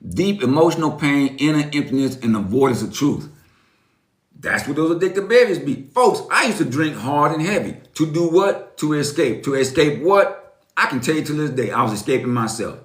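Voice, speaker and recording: A man's voice: fairly high pitch, lively intonation, normal speed, roomy sound. A man in his fifties giving a motivational live-stream talk, preachy and emphatic, repeating lines and calling his viewers folks. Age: 50s.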